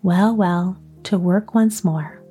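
Old carpenter guy, jumpy and mumbly, a lady reading him, slow, husky and mellow. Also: lowish voice, faint music behind. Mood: mumbling. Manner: mumbling, trembling and stuttering. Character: old male carpenter, jumpy and easily frightened.

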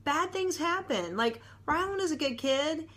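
A woman's voice: high voice, expressive, unhurried, fairly bright tone. A woman, a nurse and mother telling a personal story as an earnest, conversational devotional talk.

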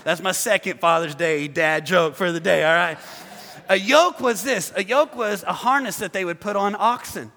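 A man's voice: sits high, moderate pace, creaky, sharp tone, long reverb tail. A man preaching a sermon to a congregation, calling on the crowd to respond. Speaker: pastor.

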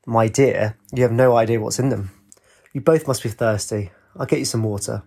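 A man with a husky voice playing a jokey, rational young male physicist in a story reading. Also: medium pitch, normal speed, darkish tone. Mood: teasing.

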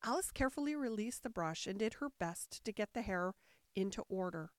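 A woman narrating a bedtime storybook in a calm, measured reading voice on a close mic. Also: medium pitch, dry recording.

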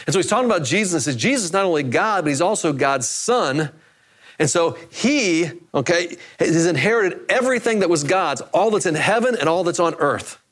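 A man's voice: fairly high pitch, lively intonation, fairly quick, fairly bright tone. A man preaching a sermon in a conversational way, often repeating phrases for emphasis. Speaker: pastor.

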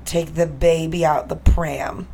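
Curious American woman, lowish voice. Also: steady tone, takes it slowly, mellow, poor audio. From United States. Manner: curious, laughing questioner. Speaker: podcast co-host. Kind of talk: casual chat. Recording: faint background noise.

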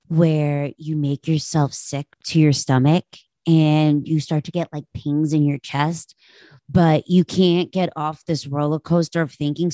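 A woman in her late thirties talks through a personal reflection with her audience, open and confessional. Her voice sits low, and the recording is close and dry, with no room sound around her. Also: warm tone, dry recording. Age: 30s. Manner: candid, confessional, addresses listeners directly. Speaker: podcast host.

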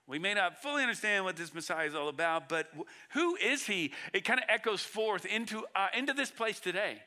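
A man preaching a sermon as a pastor, earnest, moving between loud emphatic bursts and hushed low passages, often repeating his words. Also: lively intonation, a little fast. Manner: frequent repeated words and restarts.

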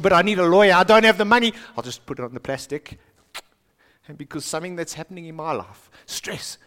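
A South African man preaching a sermon in a church, swinging from hushed lines to shouting. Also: fairly high pitch. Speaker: pastor. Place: church auditorium. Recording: long reverb of a large church hall.

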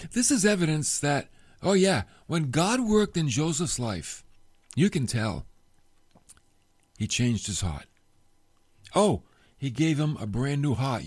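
A man preaching a sermon, retelling a story with expressive, emotional delivery that drops soft at moving points. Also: on the high side, no echo. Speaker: pastor.

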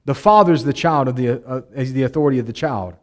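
A male pastor preaching a sermon, repeating his phrases and climbing to loud, emotional appeals. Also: mid-range voice, fast. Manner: preaching, voice rising to near-shouting in emotional appeals.

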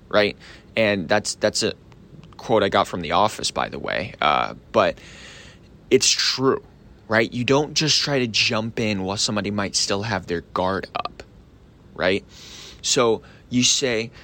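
Young man, podcast host, bright voice, lowish pitch, casual sales talk, keeps saying right. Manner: excited, acts out both sides of a sales call. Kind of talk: solo podcast monologue.

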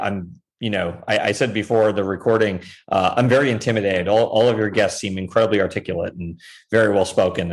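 A man who is a TV showrunner, answering interview questions candidly, rambling with many restarts and self-deprecating asides. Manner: self-deprecating, pitch jumps up on emphatic points. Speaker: TV showrunner, podcast guest.

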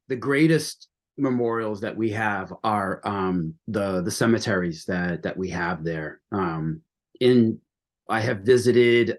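A man from the United States, a guest on a history podcast, talking with enthusiasm and many restarts. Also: medium pitch. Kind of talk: conversational history interview.

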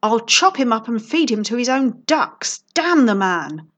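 A woman's voice: mid-range voice, lively intonation, normal speed, close to an everyday voice. A woman voicing a burly male nobleman with a blustering, indignant manner.

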